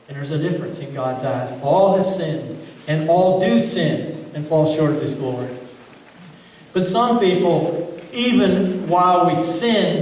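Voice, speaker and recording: A man's voice: a little high, a little mellow, slight background noise. A man preaching a sermon as pastor, earnest, often repeating words as he builds a point. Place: church sanctuary. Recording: roomy church sound from far off.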